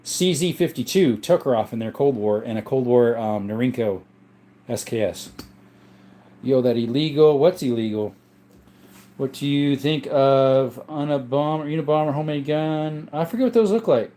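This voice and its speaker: The host of this casual live chat speaks at a moderate pace in a warm, mid-range voice that sounds strained and worn. Surrounded by his gun collection in a room at home, he reads out viewer comments and answers in a laid-back, rambling style.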